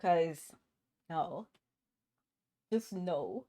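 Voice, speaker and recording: A woman's voice: fairly low pitch, lively intonation, extremely slow, dark tone. A woman live-streaming a game, chatting casually and answering her chat, with a cough now and then.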